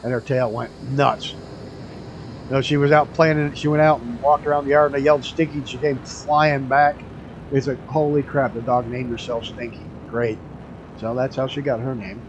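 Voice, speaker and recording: A man's voice: medium pitch, fairly even intonation, normal speed, highs cut off, slight background noise. A man streaming a flight game, chatting casually and rambling through stories with the odd swear word. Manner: laid-back rambling storyteller, swears casually.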